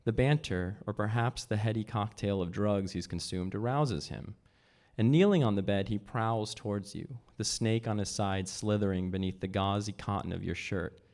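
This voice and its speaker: A man reading aloud from his own novel at a live event, measured, lifting his voice for the characters' lines. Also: a little mellow. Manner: measured, voices dialogue with pitch jumps.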